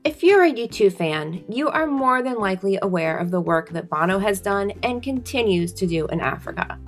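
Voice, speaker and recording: A woman's voice: mid-range voice, animated, normal speed, soft background music. A woman co-hosting a podcast, reading a scripted charity announcement in an upbeat, announcer-like way. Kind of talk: scripted read.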